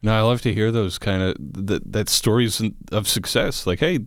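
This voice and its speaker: A man's voice: fairly low pitch, normal speed, no room sound, clean studio sound. A man hosting the conversation, reacting with short supportive remarks and laughs. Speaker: host. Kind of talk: casual chat.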